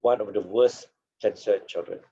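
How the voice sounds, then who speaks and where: A man teaching a seminar as a paediatrics lecturer, losing his voice, with a hoarse tone and frequent "okay" and "yeah" tags. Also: lowish voice, steady tone, normal speed, warm tone, lo-fi sound. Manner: accented English, drops "okay" and "yeah" tags.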